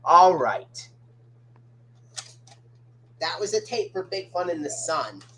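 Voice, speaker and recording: A woman hosting a casual chat stream, talking in a halting way as she discusses cartoon episodes. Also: on the low side, big pitch swings, fairly bright tone, a little hiss or hum, poor audio. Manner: halting, with fillers and restarts. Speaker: stream host.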